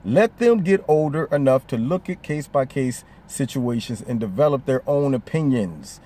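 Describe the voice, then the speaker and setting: Male vlogger, mid-pitched, opinion commentary, conversational. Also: expressive, normal speed, warm tone. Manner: conversational, emphatic, slips into quoted voices.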